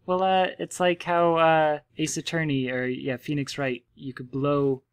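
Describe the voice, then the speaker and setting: A young man with a fairly high voice rambles on a gaming podcast and fills gaps with "like" and "uh". His sound is dry and close, with no room around it. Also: flat delivery, unhurried, clean tone, no echo. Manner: rambling, filler-heavy agreement. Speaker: podcast co-host. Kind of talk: casual chat.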